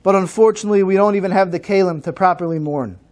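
A man giving a solemn, measured sermon-style talk at a synagogue program. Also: sits high, darkish tone.

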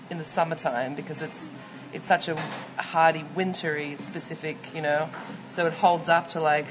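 A woman with a mild Melbourne Australian accent, a restaurant owner and chef explaining food in a relaxed way, with plenty of fillers. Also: low voice. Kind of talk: casual interview answers. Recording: muffled recording, faint background noise.

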